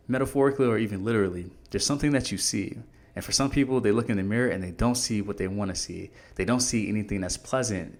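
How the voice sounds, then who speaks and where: Low-voiced man coaching listeners. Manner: earnest, coaching, addresses listeners directly. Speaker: podcast host and coach. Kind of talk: motivational podcast talk.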